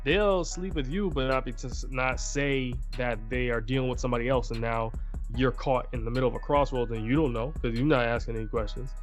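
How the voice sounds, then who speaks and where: A man's voice: medium pitch, steady tone, a little fast, soft background music. A man co-hosting a podcast in casual chat, telling stories and laughing often. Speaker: podcast co-host.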